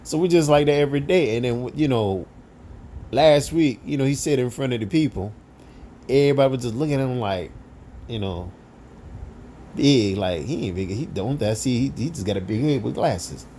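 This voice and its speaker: Mellow-voiced man telling a rambling story. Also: medium pitch, normal speed, a little hiss or hum. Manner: rambling, leans on "you know" fillers; relaxed everyday slang. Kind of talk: casual spoken storytelling.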